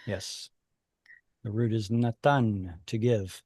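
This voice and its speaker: A man teaching a Hebrew class online over a video call, explaining patiently and thinking aloud with pauses. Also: on the low side, steady tone, dark tone, no room sound, clean studio sound.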